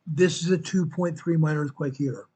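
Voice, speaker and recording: A man hosting a show, walking viewers through an earthquake map in a slow, emphatic way and repeating his points. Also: fairly high pitch, mellow, slightly rough. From United States. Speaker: show host presenting earthquake updates. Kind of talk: informal map walkthrough commentary.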